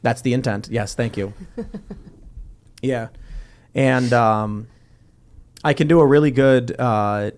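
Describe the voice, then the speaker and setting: A man's voice: medium pitch, darkish tone. Jokey male podcast host reading comments. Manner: wry, jokey, quick asides. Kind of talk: casual chat, reading viewer comments aloud.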